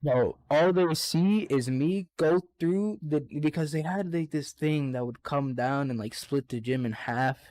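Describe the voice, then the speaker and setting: A man's voice: on the high side, unhurried, few pauses, darkish tone, no room sound. A young man on a casual podcast, telling a rowdy, profane story full of acted-out quotes. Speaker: podcast co-host.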